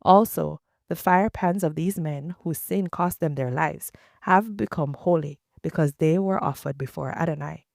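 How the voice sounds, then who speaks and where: A woman's voice: deep voice, normal speed, creaky, few pauses, darkish tone, dry recording, clean studio sound. A woman reading the lines of a wrathful male divine voice that issues commands. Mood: commanding.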